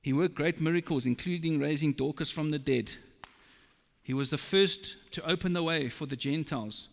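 Gravelly-voiced man preaching in a hall. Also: a little high. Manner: slow, emphatic preaching with scripture quotes. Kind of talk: sermon. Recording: long reverb of a large hall.

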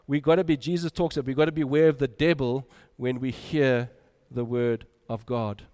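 A man preaching a sermon, moving between loud urging and quiet, soft drops. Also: medium pitch, steady tone, moderate pace.

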